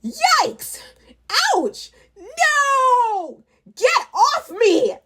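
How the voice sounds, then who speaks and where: A woman voicing a gang of panicky male goblins in a storybook reading, yelling shrilly. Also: very high-pitched, huge pitch swings, very slow, noisy background, pitched above the performer's own voice, exaggerated voice.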